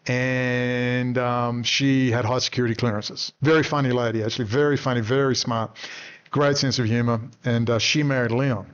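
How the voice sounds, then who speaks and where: A man's voice: medium pitch, flat delivery, normal speed, clear, resonant tone, muffled recording. An Australian man in his fifties who rambles casually through stories, swearing freely and chuckling at his own anecdotes. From Western Australia. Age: 50s. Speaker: commentator. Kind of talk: rambling monologue.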